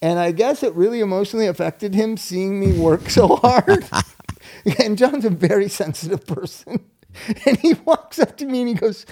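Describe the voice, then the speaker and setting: A man's voice: sits high, sing-song, normal speed, darkish tone. A man telling a long, rambling story in casual chat, laughing often and swearing freely.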